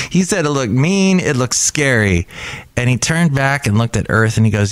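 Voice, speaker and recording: A man's voice: mid-range voice, animated, moderate pace, no room sound. Rambling, chatty man hosting a podcast. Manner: rambling, chatty, drifts between asides. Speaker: podcast host. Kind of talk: casual solo podcast chat.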